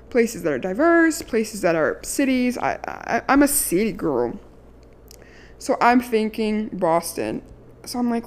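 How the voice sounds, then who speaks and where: A woman's voice: medium pitch, a little mellow. Sassy, profane young woman from Maryland. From Maryland, USA. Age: 20s. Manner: candid, sassy, profane, lots of "like". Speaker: vlogger telling a story. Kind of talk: casual storytime monologue.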